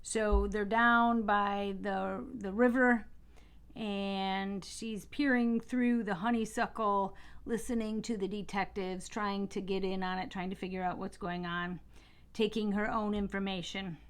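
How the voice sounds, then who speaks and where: A woman's voice: medium pitch, fairly even intonation, measured pace, clear, resonant tone. A woman librarian recommends a novel she loved, talking in a chatty, eager way. Her voice sits in an ordinary middle range. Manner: enthusiastic, chatty. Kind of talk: book talk, reading aloud.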